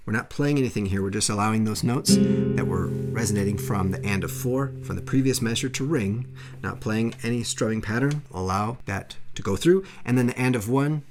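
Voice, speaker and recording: A man giving a step-by-step guitar lesson, explaining strumming patterns and counting beats aloud as he plays. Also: lowish voice. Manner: counts beats aloud while playing, encouraging. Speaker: guitar teacher. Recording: loud guitar playing under the voice.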